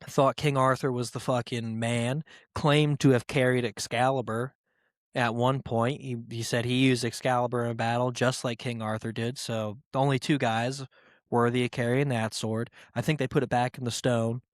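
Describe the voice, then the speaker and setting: A male podcast host delivers a casual monologue in a mid-range, level voice at a moderate pace, recorded dry and close. Irreverent and joking, he rambles, swears a lot and leans on filler words.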